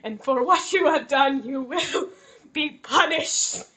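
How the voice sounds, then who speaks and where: A woman's voice: sits high, slow pace, bright, forceful tone, heavily acted. A woman voicing a grief-crazed young noblewoman who wails, screams and sobs a prophecy of doom at a tabletop game. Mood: wailing prophecy. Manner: wailing, screaming and sobbing.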